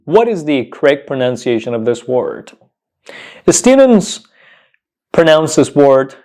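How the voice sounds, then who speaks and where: Male English teacher, lively pitch, repeats words slowly and clearly, pronunciation lesson.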